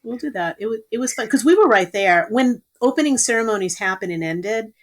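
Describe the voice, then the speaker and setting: Animated woman telling old stories. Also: a little high, brisk. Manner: animated, rambling anecdotes. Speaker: podcast guest. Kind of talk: casual storytelling.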